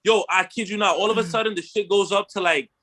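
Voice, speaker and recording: A man's voice: sits high, fast. A young man hosting a podcast, telling a story in casual, slangy chat, acting out what he and his friends said. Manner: animated storyteller, slangy, swears, acts out his own quotes. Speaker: podcast host.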